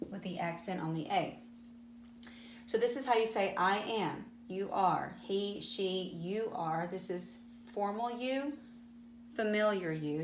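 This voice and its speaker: A woman with a Southern US accent teaches a class, explaining step by step and turning questions to her students. Her pitch sits in a middle range. The room is echoey, and a faint hum runs underneath. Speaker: Spanish teacher.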